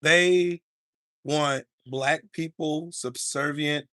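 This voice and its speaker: A man's voice: on the high side, fairly even intonation, very slow, sharp tone, dry recording, clean studio sound. A man hosting a live-streamed podcast, ranting in an angry, profane and confrontational way. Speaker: podcast host.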